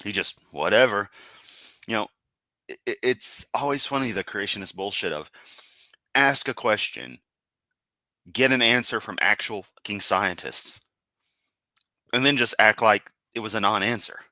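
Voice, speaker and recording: A man's voice: fairly low pitch, measured pace, pauses often, pushed and bright, dry recording. A man reacting to a debate clip on a live stream, swearing and mocking as he talks. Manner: profane, mocking. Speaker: stream commentator. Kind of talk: reaction commentary.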